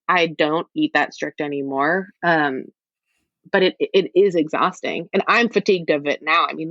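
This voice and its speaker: A woman's voice: deep voice, a bit bright, dry recording. Frank woman on dull lo-fi audio. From United States. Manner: frank, rambling, self-deprecating asides. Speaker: podcast guest. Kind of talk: candid conversational interview.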